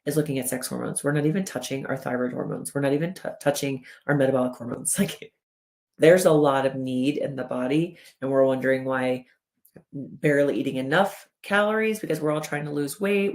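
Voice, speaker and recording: A woman in her thirties giving a lively explanatory talk as a wellness educator, walking through a chart and acting out the body's voice in quotes. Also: sits low. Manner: animated, acts out the body's inner voice in quotes.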